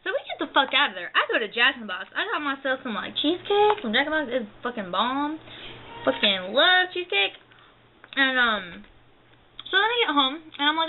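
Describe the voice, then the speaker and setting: A woman's voice: sits high, very animated, a little fast, narrow, tinny audio. A young woman ranting indignantly and profanely, acting out other people's words as she tells the story. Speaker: vlogger. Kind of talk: angry rant to camera.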